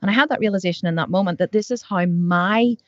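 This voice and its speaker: Fast-talking, rambling woman podcast host. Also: mid-range voice, no echo, highs cut off. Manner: rambling, fast and chatty, full of fillers. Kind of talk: casual podcast chat.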